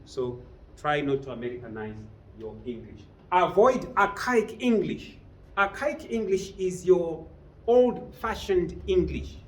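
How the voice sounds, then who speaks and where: Quizzing his class with frequent questions, a man lectures on business writing in a training room. His voice sits high and is very animated, though his pace is measured.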